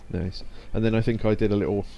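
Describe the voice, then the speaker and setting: Mellow-voiced man streaming a game. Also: lowish voice, steady tone, quick pace, faint music behind. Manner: chatty, laughs often, reads game text aloud. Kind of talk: casual let's-play commentary.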